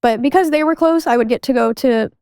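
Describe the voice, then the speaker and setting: Smooth higher-voiced woman telling a personal story. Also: a little fast, a little mellow, dry recording, studio quality. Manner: conversational, frequent "like" fillers. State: adult. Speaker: podcast guest.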